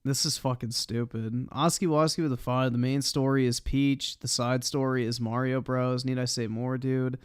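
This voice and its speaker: A man's voice: medium pitch, fairly even intonation, moderate pace, hardly any pauses, smooth, no echo. A male streamer reacting live, exasperated and cursing freely. His voice sits in the middle range. The mic is close and dry, with no room sound. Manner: exasperated, swears often.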